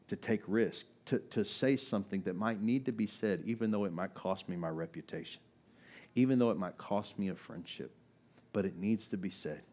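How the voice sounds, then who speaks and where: Male pastor, church sermon; casual and emphatic, mid pitch. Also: darkish tone. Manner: conversational, emphatic, rising to exhortation.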